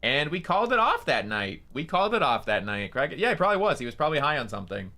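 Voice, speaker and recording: A man's voice: a little high, big pitch swings, fast talker, sharp tone. A young man, a streamer, telling a story casually, rambling with lots of fillers and swearing.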